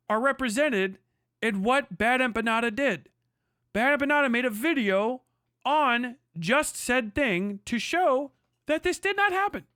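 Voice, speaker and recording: A man's voice: extremely high pitch, bright, forceful tone, dry recording, clean studio sound. Heated, profane male streamer. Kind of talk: ranting live stream commentary.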